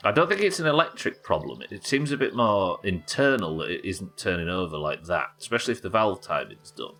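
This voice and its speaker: A man's voice: sits low, sing-song, a little fast, fairly bright tone, faint music behind. A man from England, streaming a game live and thinking aloud as he chats with viewers. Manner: muttering to himself, thinking aloud. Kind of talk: live gameplay commentary.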